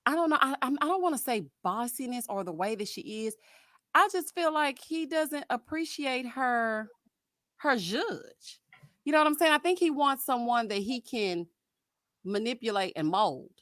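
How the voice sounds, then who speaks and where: A woman hosting a live stream, chatting about a reality show in a sassy, animated way, calling her viewers "honey" and "child.". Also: a little high, normal speed, dry recording, clean studio sound. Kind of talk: casual reality TV commentary.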